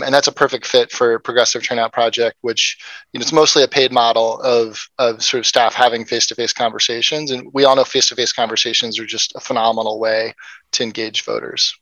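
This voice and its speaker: A man's voice: mid-range voice, fairly bright tone, dry recording, lo-fi sound. A man being interviewed as a guest, talking earnestly with plenty of ums and restarts. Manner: earnest, many fillers and restarts. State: choked up with emotion. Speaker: guest, postcard campaign founder. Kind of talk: conversational interview.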